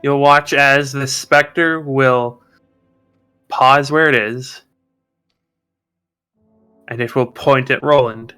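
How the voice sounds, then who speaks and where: A young man narrating slowly and deliberately as game master of a tabletop game. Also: mid-range voice, steady tone, pushed and bright, clear, resonant tone, soft background music.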